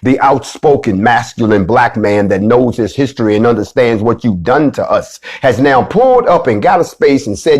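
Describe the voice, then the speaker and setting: A man's voice: expressive, fairly quick, hardly any pauses. Fiery preaching man with big swings. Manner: emphatic, repetitive, rallying the listeners with call-outs; sharp swings between loud high bursts and low hushed drops. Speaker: host and teacher of an online class series.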